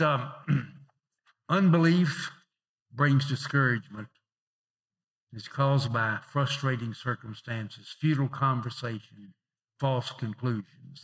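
A male pastor preaching a sermon in a conversational way, telling personal stories and swinging from emphatic lifts to softer asides. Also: medium pitch, husky. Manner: rising emphatic openings then dropping softer.

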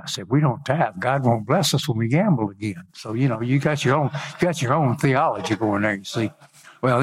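A man preaching a sermon, reading scripture aloud and breaking off into folksy asides. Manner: reads scripture aloud with rising pitch, adds folksy asides.

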